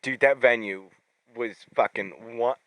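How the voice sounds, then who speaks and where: A man's voice: mid-range voice, measured pace, fairly bright tone, no room sound, rough recording. A man, a musician and podcast co-host, chatting casually with swearing and reminiscing eagerly. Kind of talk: casual chat.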